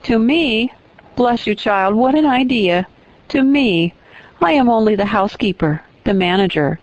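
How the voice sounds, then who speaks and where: A woman's voice: a little high, lively intonation, unhurried, no echo, rough recording. A woman voicing a kindly, chatty elderly widowed housekeeper who talks in a fussy, exclaiming way, read from an audiobook.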